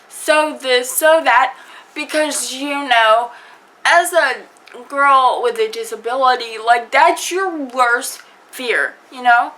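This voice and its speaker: A woman's voice: high-pitched, expressive, slow, sharp tone, poor audio. A woman vlogger telling a personal story to camera in a chatty way, full of fillers and acted-out quotes. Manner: chatty, lots of fillers, acts out quoted dialogue. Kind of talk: casual storytime vlog.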